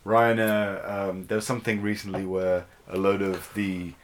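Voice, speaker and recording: Young male co-host, lowish pitch, casual storyteller leaning on "like". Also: little pitch movement, normal speed, a little hiss or hum. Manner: retells news stories in a chatty way with "like" fillers. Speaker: podcast co-host. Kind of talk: casual podcast chat.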